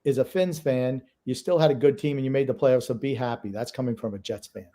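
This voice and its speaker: A man's voice: medium pitch, brisk, warm tone. A man co-hosting a casual sports podcast, blunt and opinionated, swearing freely as he argues. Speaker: podcast co-host.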